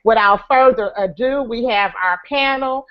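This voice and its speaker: A woman moderating a live online panel discussion, speaking with frequent pauses and fillers. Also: on the high side. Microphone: video call. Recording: lo-fi web call audio.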